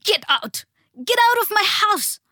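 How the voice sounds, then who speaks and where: A woman's voice: very animated, a little slow, bright, forceful tone, dry recording, clean studio sound, full character voice. A woman reading a story, voicing a frightened, angry mother whose voice rises to a shriek. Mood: frightened fury. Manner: shrieking, high and strained. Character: frightened, angry mother defending her home.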